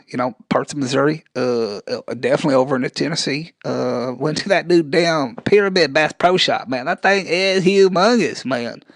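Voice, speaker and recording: A man's voice: fairly high pitch, dry recording, lightly acted. A man playing a scrawny, rambling man from rural with thinning hair, who says "man" after every phrase and trips over his words. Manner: stumbles on words when talking fast; touchy, easily riled up.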